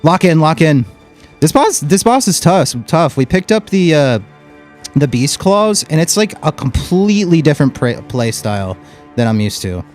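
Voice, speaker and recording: A man's voice: a little high, sing-song, moderate pace, darkish tone, soft background music. A young man streaming a game live, chatting casually and bluntly with viewers and calling them dude and bro. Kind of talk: live gameplay commentary with chat.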